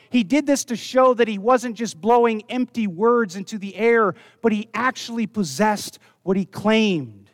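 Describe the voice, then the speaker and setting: A man preaching a sermon, earnest, dropping low and soft when he quotes scripture. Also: dry recording, studio quality. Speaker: pastor.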